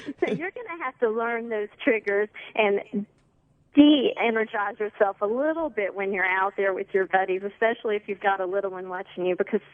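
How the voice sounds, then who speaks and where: A woman counselor calling in to a radio show, calmly explaining how to handle anger. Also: mid-range voice, normal speed, no room sound. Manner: calm, explanatory. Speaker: anger management counselor, guest. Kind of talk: advice on a radio call. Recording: tinny phone line.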